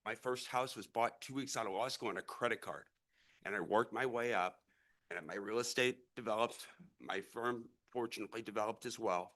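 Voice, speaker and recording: Earnest rambling man with a bright voice. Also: on the low side, normal speed. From St. Louis area, US. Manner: earnest, rambling, repeats and restarts words. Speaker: real estate investor addressing a public meeting. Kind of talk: impassioned public speech. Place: city council meeting room.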